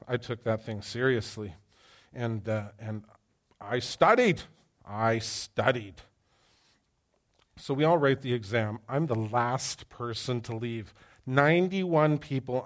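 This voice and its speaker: Animated man preaching a sermon. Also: medium pitch. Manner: animated storyteller who quizzes the congregation. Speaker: pastor. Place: church hall with live audience.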